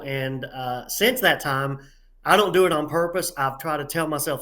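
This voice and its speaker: A man with a Southern drawl, a referee guest telling stories in an interview, halting with many filler sounds and a folksy, self-deprecating manner. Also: on the high side, pushed and bright. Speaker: head tournament referee, guest. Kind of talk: casual interview storytelling.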